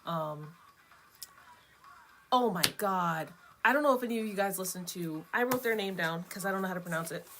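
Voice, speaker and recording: A woman with a somewhat low voice talks to her viewers in a loose, rambling vlog chat. She drifts from point to point and laughs easily between thoughts. A faint hum of room noise sits under her voice. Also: moderate pace. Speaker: vlogger host. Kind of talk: casual chat.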